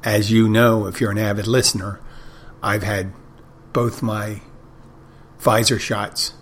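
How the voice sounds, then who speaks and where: A man's voice: fairly low pitch, level tone, takes it slowly, slight background noise. A middle-aged man hosting a podcast, telling wry, rambling anecdotes in a casual monologue. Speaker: podcast host.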